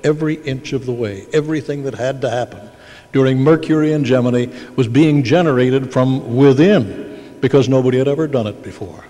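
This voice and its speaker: An older man narrates history for an audience in a measured, storytelling manner. His voice is warm and mellow. The sound carries a long reverb from a large hall. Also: medium pitch. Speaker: panel moderator.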